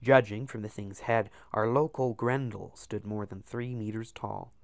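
A man reading a science fiction novel aloud as a storyteller, with measured, dramatic emphasis. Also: on the low side, fairly even intonation, creaky, no echo.

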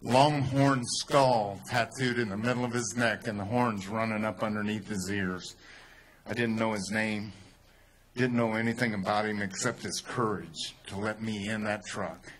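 A man with a Texan accent telling a story in a speech to a crowd, rising to loud, emphatic peaks. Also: lowish voice, fairly even intonation, measured pace, slight background noise. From Texas. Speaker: speaker at a rally.

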